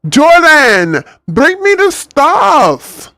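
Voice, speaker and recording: This is a worn-out, scolding mother with a Spanish accent, put on by a man reading a story aloud. She nags loud and long, her voice pitched high and swooping. The room around her sounds dry and close, with faint music underneath. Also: very animated, no echo, exaggerated voice. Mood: bossy. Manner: nagging, loud, drawn-out calls. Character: scolding overworked mother, middle-aged woman.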